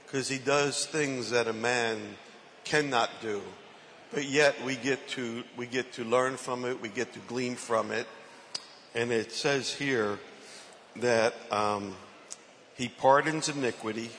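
A man's voice: mid-range voice, pushed and bright, slight background noise. A man giving a conversational sermon as one of a panel of preachers, playfully firing questions at the congregation. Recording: long reverb from a hall, faint ambience.

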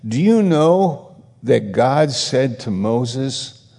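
A man's voice: medium pitch, lively intonation, drawn-out words, creaky, dark tone, big-room sound. A man preaching a sermon, emphatic and repetitive, pressing his rebukes with growing intensity.

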